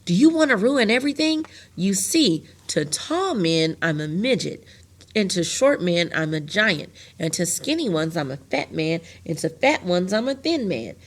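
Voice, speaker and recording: A woman's voice: fairly low pitch, big pitch swings, normal speed. A woman reading aloud and voicing a fussy, forgetful, ordinary middle-aged man who lives in a house with four doors. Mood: confiding.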